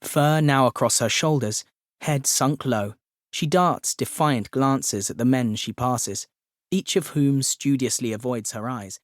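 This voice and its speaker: Male audiobook narrator, measured mid-pitch delivery, dry booth sound. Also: no room sound. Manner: measured, descriptive. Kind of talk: scripted narration.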